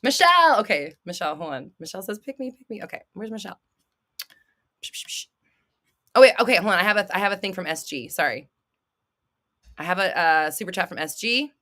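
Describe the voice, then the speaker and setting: A woman's voice: on the low side, animated, brisk, long pauses, fairly bright tone. A woman in her thirties hosting a livestream, answering viewers' questions with blunt, swearing, dramatic outbursts and laughter. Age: 30s. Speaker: host.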